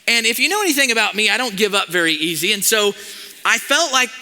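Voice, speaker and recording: A male pastor telling a story in a sermon, animated and acting out the conversations in it. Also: high voice, fast talker. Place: church auditorium. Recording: long hall reverb.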